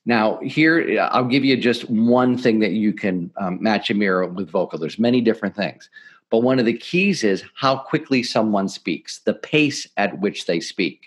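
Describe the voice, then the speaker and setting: A middle-aged man, a podcast guest, explaining sales techniques in an energetic, emphatic coaching manner. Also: fairly low pitch, moderate pace. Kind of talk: podcast interview, teaching sales tips.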